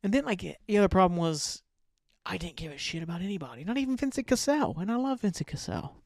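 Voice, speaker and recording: A man with a slightly high voice rants casually and sarcastically about bad movies on his solo podcast, swearing freely as he rambles. The recording is dry and close, with no room sound. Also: animated, fast talker, dry recording. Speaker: podcast host.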